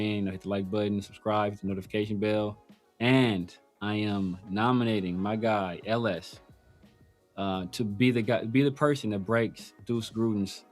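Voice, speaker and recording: A man hosting a casual sports talk show, rambling with many restarts and fillers. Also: fairly low pitch. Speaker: podcast host.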